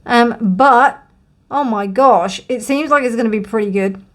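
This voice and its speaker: Reading tarot cards directly to her viewers, a woman speaks in a fairly high pitch and a relaxed, musing manner. She offers reassurance while thinking aloud, leaning on frequent fillers like um and you know, and she yawns often.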